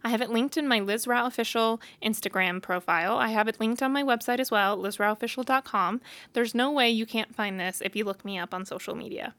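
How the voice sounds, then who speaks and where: A podcast host vents on her own show, talking casually and bluntly in a candid, exasperated way. Her voice is a little high with a fairly bright tone.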